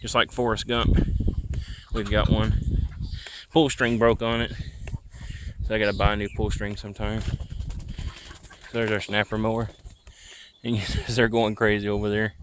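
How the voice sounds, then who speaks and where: Recorded outdoors on a handheld camera, this rambling night-time vlog has a man casually walking viewers around his rural property. He speaks in a lowish, flat voice, a little slowly and with frequent pauses, over a noisy background.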